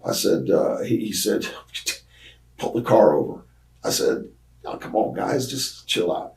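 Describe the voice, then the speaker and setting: A very low-voiced older man spins long anecdotes from his wrestling days, hesitating often and slipping into the voices of the people he quotes. He sits a little back from the microphone, so he sounds slightly distant. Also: expressive, slow pace, gravelly. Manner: rambling anecdotes with many fillers, acting out quoted voices. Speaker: retired pro wrestler, interview guest. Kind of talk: casual storytelling interview.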